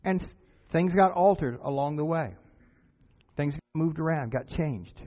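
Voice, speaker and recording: Male pastor, earnest sermon delivery, rhetorical questions, slightly high voice, tinny phone-quality audio. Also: unhurried. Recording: tinny phone-like sound with faint music.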